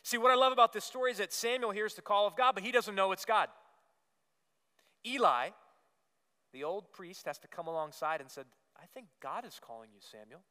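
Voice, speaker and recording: A man's voice: high voice, fairly quick, long pauses, sharp tone, clear, resonant tone. A man preaching a sermon as pastor, earnest and emphatic, repeating phrases and rising on key words. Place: church sanctuary. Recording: long reverb of a church hall.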